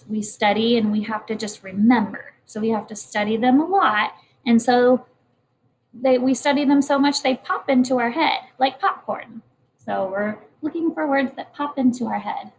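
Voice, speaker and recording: A woman's voice: fairly high pitch, normal speed, a little hiss or hum, poor audio. A woman teacher leading a morning message lesson for young children, speaking in a patient, encouraging way. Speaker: kindergarten teacher.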